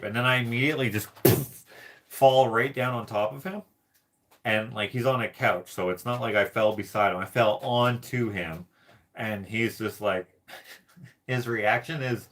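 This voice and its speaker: A man's voice: on the low side, unhurried, a bit bright. A man telling a rambling personal story to camera, laughing often and filling his talk with "like". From Canada. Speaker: vlogger.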